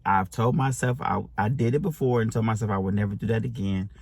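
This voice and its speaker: A man's voice: on the low side, fast, vocal fry, a little mellow, slightly rough. A man earnestly sharing a personal relationship story and advice, rambling with many restarts and speaking affirmations to viewers.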